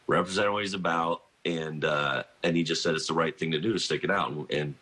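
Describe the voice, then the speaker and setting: Guest spot: middle-aged coach, deep husky voice, rambling storyteller who keeps restarting. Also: male voice, a little fast, sharp tone. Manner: rambling, self-interrupting, laughs through anecdotes. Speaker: college basketball coach, guest. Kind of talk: phone-in radio interview, storytelling.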